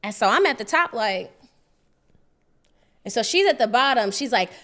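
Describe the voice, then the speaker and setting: Animated woman telling a story. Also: fairly high pitch, moderate pace. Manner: animated, acts out voices in the story. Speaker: podcast co-host. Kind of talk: casual storytelling chat.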